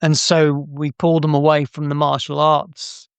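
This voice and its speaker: A man's voice: a little high, level tone, moderate pace, clear, resonant tone, dry recording. Chatty man telling stories. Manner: chatty, anecdotal, frequent restarts and laughs. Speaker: interview guest, game artist. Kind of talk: casual interview storytelling.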